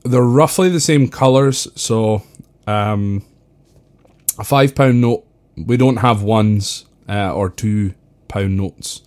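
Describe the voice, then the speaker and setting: A Scottish man hosting a podcast alone, talking casually and rambling with lots of fillers. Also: slow pace. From Scotland. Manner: rambling, many fillers, lively swings in pitch. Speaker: podcast host. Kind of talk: casual solo podcast talk.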